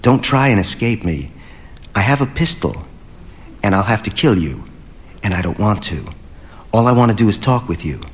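Timid, desperate woman, read by a male narrator; low, hushed delivery. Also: animated, moderate pace, pauses often, natural voice. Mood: menacing. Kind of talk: audiobook character reading.

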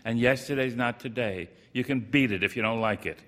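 A man reading aloud who voices a brash, sharp-tongued young wife, giving curt, dismissive retorts in a raised voice. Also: medium pitch, brisk, natural voice. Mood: scornful.

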